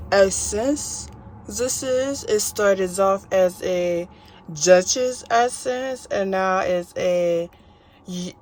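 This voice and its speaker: A woman putting on a mock-posh duchess voice with a fake French flair, drawn out slowly and grandly, inside her parked van. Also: deep voice, darkish tone, breathy edge, heavily acted, poor audio. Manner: slow, drawn-out faux-genteel delivery.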